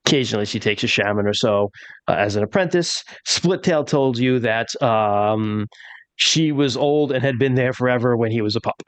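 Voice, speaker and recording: A man's voice: mid-range voice, normal speed, dry recording. A man narrating as game master of a tabletop game, rambling with many fillers.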